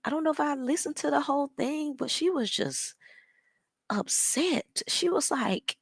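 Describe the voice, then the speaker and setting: Unhurried chatty woman streamer. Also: sits high, animated, creaky, no echo, clean studio sound. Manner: chatty, greets viewers by name and teases with a laugh. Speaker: livestream host. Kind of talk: casual chat.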